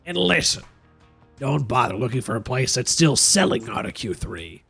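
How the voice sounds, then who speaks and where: A man voicing a sneering male gangster thug in a video game, slow and menacing. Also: mid-range voice, sing-song, vocal fry, fairly bright tone, husky, faint music behind, pitched below the performer's own voice, exaggerated voice.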